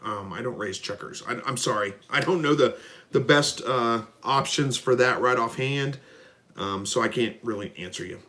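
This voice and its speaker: A middle-aged man hosting a casual live stream, reading out viewer comments and answering in a relaxed, folksy way. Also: medium pitch, moderate pace. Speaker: livestream host answering viewer questions. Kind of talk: casual live Q&A about raising rabbits and quail.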